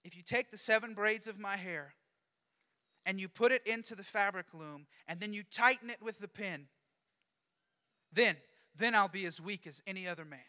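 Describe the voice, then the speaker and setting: A man's voice: high-pitched, moderate pace, pauses often, pushed and bright. A man voicing Samson, a strong male hero who talks in a casual, offhand way. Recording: long hall reverb.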